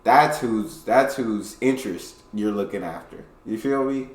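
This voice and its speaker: A low-pitched man gives casual, emphatic reaction commentary. He swings between loud points and quiet asides. His voice echoes around a bare room. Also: a little slow. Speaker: reaction video host.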